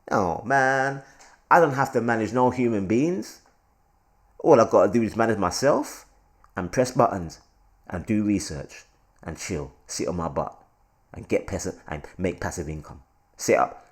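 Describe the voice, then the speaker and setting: A man hosting his crypto channel, excitable and repetitive, always calling out to his viewers in casual hype commentary. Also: medium pitch, normal speed.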